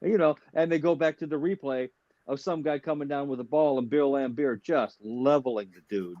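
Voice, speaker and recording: A man chatting as a comedian guest, telling animated stories with stammering restarts. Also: mid-range voice, normal speed, no echo. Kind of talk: casual chat. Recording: dull, dry lo-fi sound.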